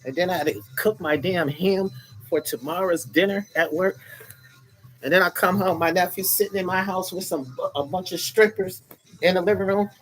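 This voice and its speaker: A man's voice: high-pitched, big pitch swings, moderate pace, fairly bright tone, a little hiss or hum, rough recording. A man chatting with viewers on a casual phone live stream from his bed, rambling, annoyed and profane while sweet-talking his audience. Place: in bed at home under a cover. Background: faint music from another room.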